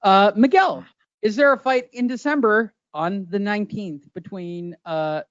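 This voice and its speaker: A man's voice: sits high, measured pace, no room sound, muffled recording. A man hosting a casual boxing podcast, brash and profane, ribbing his co-hosts. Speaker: podcast host.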